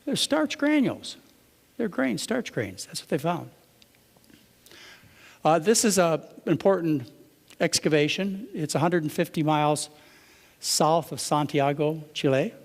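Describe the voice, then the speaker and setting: A man's voice: on the high side, lively intonation, unhurried, vocal fry, long pauses, big-room sound. A man giving a conversational lecture to a live audience, often asking them rhetorical questions.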